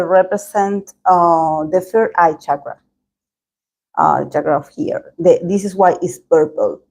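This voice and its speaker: A woman giving a tarot reading in a video, talking in a meandering, hedging way with many pauses. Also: mid-range voice, mellow, rough recording. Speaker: tarot reader.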